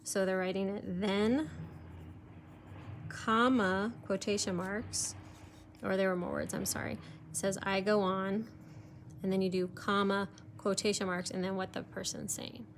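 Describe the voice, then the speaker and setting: A woman's voice: medium pitch, sing-song, measured pace, a little hiss or hum. A woman teacher giving a recorded remote lesson, explaining step by step with many fillers, sometimes turned away from her computer mic.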